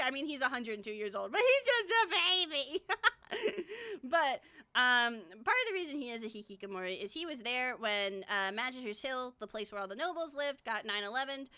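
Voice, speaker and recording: Woman streamer, high-pitched, rambling casual chat full of fillers and laughs. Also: lively intonation, brisk, pushed and bright. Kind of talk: casual chat about her own characters.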